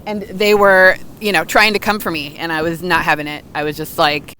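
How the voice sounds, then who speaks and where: A woman's voice: fairly low pitch, level tone, brisk, bright, forceful tone, slight background noise, low-quality recording. A middle-aged woman telling a story in a loose, chatty vlog, full of filler words and restarts, recorded outdoors by the water on a phone. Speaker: vlogger. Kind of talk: casual storytelling monologue.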